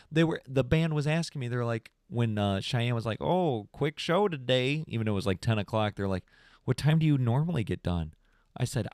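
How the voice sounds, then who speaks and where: A young man hosting a late-night podcast stream, talking in a loose, rambling way and jumping between stories and complaints. He sounds animated and casual, with his voice sitting at a middle pitch. The sound is dry and close to the mic. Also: no room sound. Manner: rambling, animated storyteller, says "bro". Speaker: podcast host.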